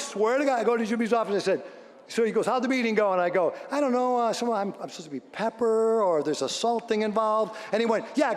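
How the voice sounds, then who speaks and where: A middle-aged man with a fairly high voice delivers an animated speech, telling stories with punchy energy that drops now and then to quiet, heartfelt moments. His voice carries a long reverb from a big hall. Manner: energetic storyteller, swings between shouting and hushed tones. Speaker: radio host giving an acceptance speech. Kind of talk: speech to a live audience.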